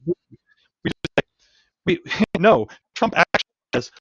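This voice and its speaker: A man's voice: fairly high pitch, sing-song, slow pace, a bit bright, slightly rough, no room sound, muffled recording. A man co-hosting a casual political podcast, laid-back, agreeing and chuckling along. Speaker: podcast co-host.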